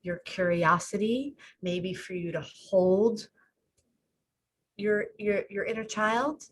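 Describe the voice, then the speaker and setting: A woman's voice: medium pitch, takes it slowly, slight background noise, poor audio. A woman life coach, a podcast guest speaking over a video call, explaining her ideas with metaphors. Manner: explains with metaphors, acts out quoted voices.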